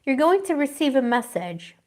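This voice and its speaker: A woman's voice: sits high, big pitch swings, moderate pace, a little mellow. A woman giving a live tarot reading, rambling and affectionate, calling her viewers pet names and searching dreamily for her words. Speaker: tarot reader.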